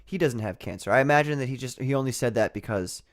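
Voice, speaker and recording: A man hosting a casual livestream. He talks in a rambling, sarcastic way with frequent laughs, at a mid pitch for a man. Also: fast. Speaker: livestream host.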